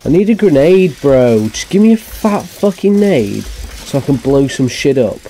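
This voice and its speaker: Slow, mellow gamer swearing in frustration. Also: male voice, mid-range voice, sing-song, faint music behind. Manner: frustrated, swearing, muttering at the game. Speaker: gamer streaming a horror game. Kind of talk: let's-play commentary.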